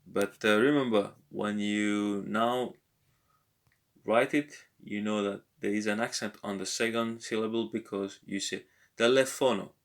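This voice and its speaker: Slow, low-voiced man thinking aloud. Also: fairly even intonation. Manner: hesitant, thinking aloud with many pauses and repeats; slowly sounds out foreign words. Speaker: language lesson vlogger working through exercises. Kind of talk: casual think-aloud tutorial.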